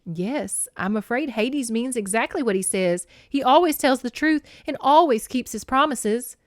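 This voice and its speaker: A woman's voice: a little high, animated, moderate pace, no echo, studio quality, voice pushed up, natural voice. A woman voicing a young goddess who stands up to her mother, speaking earnestly and firmly. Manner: earnest, firm, pleading. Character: defiant young goddess, newly grown woman.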